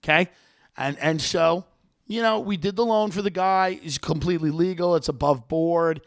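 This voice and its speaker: A man's voice: on the high side, normal speed. A man in his thirties hosting a podcast, telling a comic story in a brash, profane way. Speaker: podcast host.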